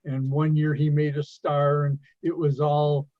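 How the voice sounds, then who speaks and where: A man's voice: on the high side, monotone, a little slow, no room sound, highs cut off. A man joining a casual live stream chat, asking questions and dropping wry remarks over a video call.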